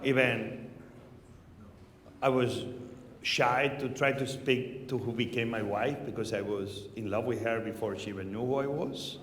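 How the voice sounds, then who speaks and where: A middle-aged man with a Spanish accent talks animatedly onstage, laughing and swearing freely. His voice sits at an ordinary pitch. The sound rings around a large, echoing hall with a long reverb tail. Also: measured pace, noisy background. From Spain. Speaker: podcast host. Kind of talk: live onstage conversation. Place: large venue with live audience. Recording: echoey hall.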